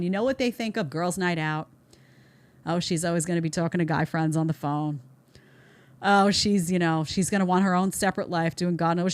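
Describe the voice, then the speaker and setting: A woman's voice: medium pitch, no echo. A middle-aged woman hosting a podcast, reacting to a clip with blunt, emphatic commentary and sarcastic asides. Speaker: podcast host.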